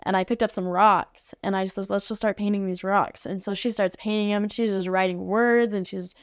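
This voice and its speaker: A woman's voice: medium pitch, steady tone, a little fast, clean tone, no room sound, clean studio sound. A woman guest on a podcast, telling a story casually and chattily, with lots of "like" fillers. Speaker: podcast guest, art facilitator. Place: podcast studio.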